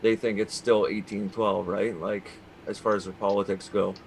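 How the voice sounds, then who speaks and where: A man's voice: fairly low pitch, little pitch movement, moderate pace, gravelly, a little hiss or hum. A Canadian man co-hosting a podcast, talking in a rambling way with many restarts. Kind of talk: casual podcast banter.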